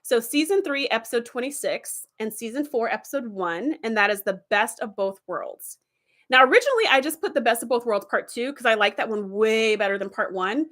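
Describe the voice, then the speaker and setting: A middle-aged woman in casual conversation, her voice sitting a little high. She tells stories with energy and jumps into acted quotes along the way. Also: fairly quick. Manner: animated storytelling with acted-out quotes. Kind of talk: casual enthusiastic chat.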